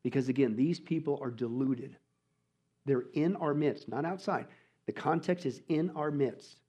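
A man preaching a verse-by-verse sermon as a pastor, emphatic and colloquial, firing rhetorical questions and swinging between loud bursts and quiet asides. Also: medium pitch, a little slow, breathy edge, muffled recording. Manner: colloquial preaching with mock voices. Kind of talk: expository sermon.

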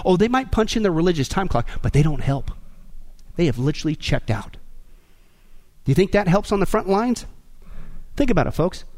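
A middle-aged male pastor preaching a sermon with sarcasm, swinging between loud bursts and hushed asides. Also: sits high, sing-song, moderate pace, long pauses.

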